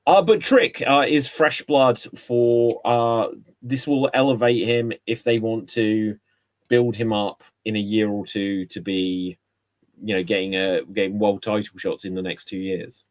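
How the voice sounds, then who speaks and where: A man's voice: fairly low pitch, steady tone, measured pace. Opinionated man chatting casually. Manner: opinionated, rambling with restarts. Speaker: podcast co-host. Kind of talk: casual chat. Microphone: video call mic.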